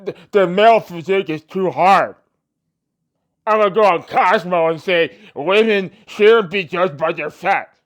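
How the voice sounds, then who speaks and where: A man putting on the voice of a gluttonous, whiny man craving fast food, in a mocking, self-pitying tone. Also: high-pitched.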